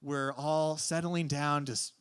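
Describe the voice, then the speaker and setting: A teenage man telling a story at an open mic, lively and acting out the voices in his quotes. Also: fairly high pitch, slow pace, clear, resonant tone. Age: teens. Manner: animated, acts out voices in quotes. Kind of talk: live storytelling.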